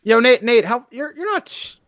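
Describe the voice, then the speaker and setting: A man's voice: extremely high pitch, expressive, normal speed, fairly bright tone, dry recording. A man hosting a casual gaming podcast stream, often stammering and repeating words. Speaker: podcast host. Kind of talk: casual chat.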